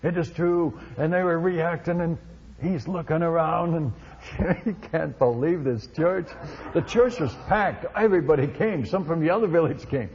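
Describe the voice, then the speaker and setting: A male missionary telling a testimony story in an animated way, with many restarts, on a dull recording. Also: a little high, normal speed. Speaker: missionary speaker.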